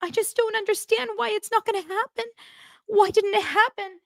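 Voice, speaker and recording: A woman mockingly imitating a weepy grown man, whining in a high-pitched voice. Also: steady tone, moderate pace, gravelly, dry recording, studio quality.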